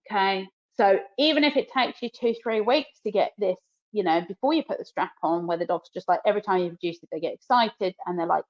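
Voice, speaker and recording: A woman's voice: mid-range voice, moderate pace. Woman dog trainer, lo-fi webinar audio. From New Zealand. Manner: practical, direct coaching with a working dog.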